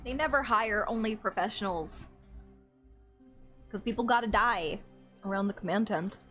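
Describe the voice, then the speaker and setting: A young woman streaming a game, reacting with giggles and excitement and reading the game text aloud. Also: mid-range voice, moderate pace, soft background music.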